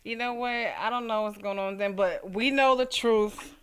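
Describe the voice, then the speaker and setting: A woman radio host interviewing an artist in a relaxed, encouraging way. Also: on the high side, clear, resonant tone. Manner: encouraging, agreeable, quick to laugh. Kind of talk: casual interview.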